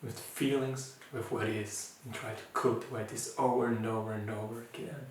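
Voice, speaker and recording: A man guides his listeners through mindfulness in a gentle, searching way, often pausing on fillers and restarting his sentences. English is not his first language. He sounds distant from the mic in a very echoey room, with a faint hiss underneath. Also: medium pitch, fairly even intonation. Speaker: mindfulness teacher. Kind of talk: informal recorded talk.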